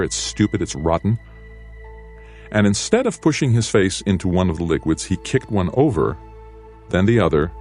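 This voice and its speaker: A man with an extremely deep voice reads a novel aloud in measured, steady narration. Soft music sits faintly beneath his reading. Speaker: audiobook narrator. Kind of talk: scripted audiobook narration.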